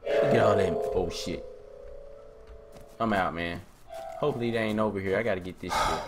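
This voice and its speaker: A young man giving profane gameplay commentary, muttering to himself and then yelling taunts and curses at attackers. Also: sits low, moderate pace, over loud music. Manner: swearing, yelling taunts at enemies, swinging between mutters and shouts. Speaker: let's play gamer.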